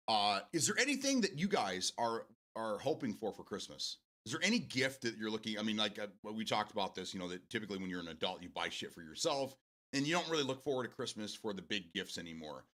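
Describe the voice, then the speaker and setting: A man's voice: fairly low pitch, sing-song, quick pace, pushed and bright. A man hosting a live stream, chatting casually with his viewers, swearing freely and drifting off on tangents. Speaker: livestream host.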